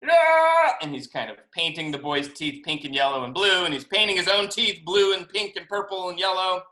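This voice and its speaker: A man, a children's author, reading his picture book aloud to first graders over a video call, expressive and asking them questions. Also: high voice, a little fast. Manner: animated, expressive, asks kids questions. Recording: roomy video call audio.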